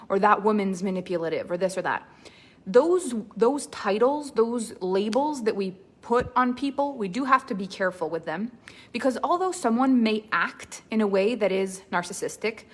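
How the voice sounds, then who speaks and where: A woman mentor leading a live online training, greeting viewers by name and then teaching earnestly with lots of repetition. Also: mid-range voice. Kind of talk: live-stream coaching talk.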